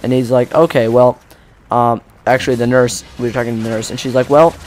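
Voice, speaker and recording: A man's voice: medium pitch, completely flat delivery, quick pace, faint music behind. A teenage boy telling a long story while commenting on gameplay, rambling with lots of fillers. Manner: rambling, filler-heavy, acts out quotes. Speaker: gaming commentator. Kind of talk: casual storytelling over gameplay.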